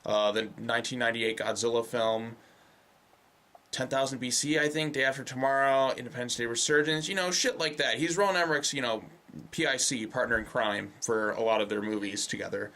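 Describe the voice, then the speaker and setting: A young man talks through a film review in a loose, casual way. He swears freely and slides into sarcastic rants. His voice sits at an ordinary middle pitch. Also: fairly quick, sharp tone. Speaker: movie reviewer.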